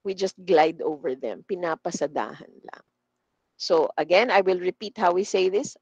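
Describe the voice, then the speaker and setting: A woman's voice: on the low side, creaky, darkish tone, breathy edge, no echo. Filipino woman teaching over video call. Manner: switches between English and Tagalog; slow, deliberate demonstrations of word stress. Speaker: trainer. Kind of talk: online class instruction. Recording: dull, dry video-call audio.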